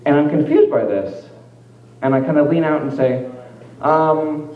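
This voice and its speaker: Guy doing standup at a small club, kinda high voice, chatty, echoey muffled room sound. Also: lively intonation, fast talker. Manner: loose, chatty delivery with fillers, acts out voices. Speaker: stand-up comedian. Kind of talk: stand-up comedy set. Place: small music venue stage. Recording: echoey room, far from mic, dull lo-fi.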